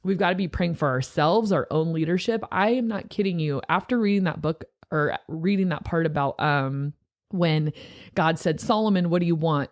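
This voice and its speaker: A woman's voice: lowish voice, normal speed. A young woman who is a youth pastor, talking casually and earnestly on a podcast, with many filler words.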